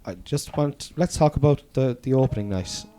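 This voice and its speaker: A man's voice: mid-range voice, moderate pace, dark tone, soft background music. A man with an Irish Cork accent hosting a casual comedy podcast chat, rambling with hesitant fillers and casual swearing.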